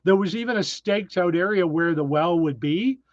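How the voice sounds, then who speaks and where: A man's voice: sits high, normal speed, no room sound, dull audio. Chatty man hosting a live stream. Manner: chatty, reads viewer names, frequent ums. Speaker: live-stream host reading chat. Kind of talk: casual live-stream chat. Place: tiny desert cabin, indoors.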